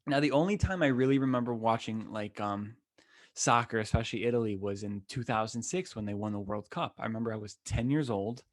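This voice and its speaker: Excitable young man. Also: medium pitch, brisk. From Western New York. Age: 20s. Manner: animated, rambling, slangy and excitable. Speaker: podcast host. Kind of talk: casual solo podcast storytelling. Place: temporary room, not his usual setup.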